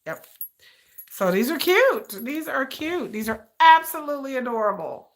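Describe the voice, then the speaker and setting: A woman hosting a casual unboxing livestream, excitable and chatty, talking straight to her viewers and repeating herself. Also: high voice, moderate pace. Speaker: livestream reaction host.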